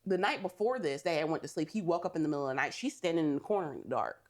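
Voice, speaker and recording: Lively, low-pitched woman recapping a movie. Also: very fast. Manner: animated storytelling, swearing, laughs often. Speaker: podcast co-host. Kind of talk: casual movie recap chat.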